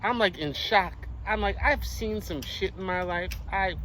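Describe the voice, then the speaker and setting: A young man telling a story to his viewers in casual street slang, animated and full of swearing. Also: sits high, measured pace, slight background noise, poor audio. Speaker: vlogger.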